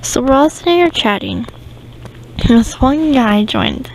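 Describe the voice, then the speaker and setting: Young-sounding gravelly woman telling a rambling story. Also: high-pitched, animated, measured pace, darkish tone, slight background noise, low-quality recording. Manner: rambling, with many ums and restarts. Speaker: podcast host. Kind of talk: casual storytime podcast.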